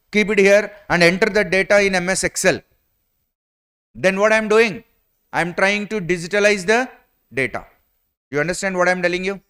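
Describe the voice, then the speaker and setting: Male lecturer, Indian English accent, high voice, smooth and clear, rhetorical questions. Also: fairly bright tone. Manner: asks rhetorical questions, repeats points. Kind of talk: exam-prep lecture.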